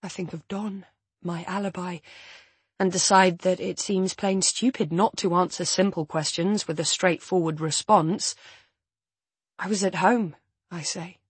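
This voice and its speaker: A woman reads a first-person audiobook at a steady, measured pace, her slightly low voice carrying a husky grain. The recording is dry and close-miked, with no room sound or echo.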